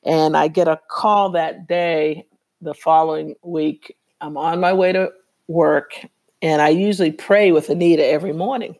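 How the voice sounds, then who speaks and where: Speaking at normal speed in a low, darkish voice with fairly even intonation, a women's Bible study leader shares her personal testimony in an interview. She tells it earnestly, acting out the lines she quotes.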